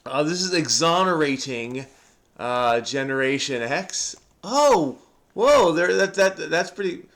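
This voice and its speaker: A man's voice: fairly high pitch, expressive, slow, a bit bright. A middle-aged man thinking aloud as he solves a crossword, casual and playful, with jokey asides. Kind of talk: casual solo crossword commentary.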